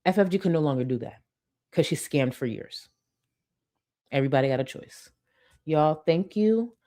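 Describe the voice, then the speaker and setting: Low-voiced, blunt, profane woman commentator. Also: normal speed. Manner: blunt, profane, bursts into excited shouting. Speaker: commentary YouTuber. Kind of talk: casual commentary.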